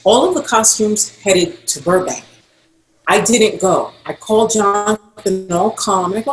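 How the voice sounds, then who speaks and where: A woman's voice: medium pitch, measured pace, a little hiss or hum. A woman guest on a podcast interview, telling a story and acting out the quoted dialogue. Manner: animated, acts out quoted dialogue. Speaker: podcast guest, costume designer. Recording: roomy echo.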